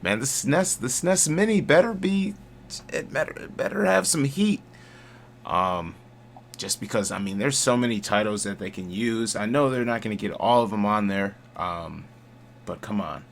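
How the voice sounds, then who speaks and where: A man's voice: on the low side, moderate pace, vocal fry, a little hiss or hum. A man hosting a casual gaming podcast, easygoing and steering the talk with questions. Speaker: podcast host.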